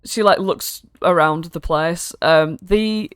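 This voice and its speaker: A woman's voice: on the low side, takes it slowly, dry recording, clean studio sound. A woman narrating as game master in a casual, sweary way, laughing between lines.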